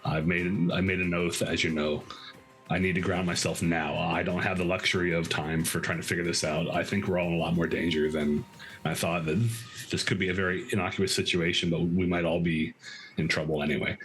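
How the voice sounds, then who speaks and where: A man playing a character in a tabletop game, talking in a halting, thoughtful way. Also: deep voice, little pitch movement, a bit bright, soft background music. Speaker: player. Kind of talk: in-character tabletop role-play.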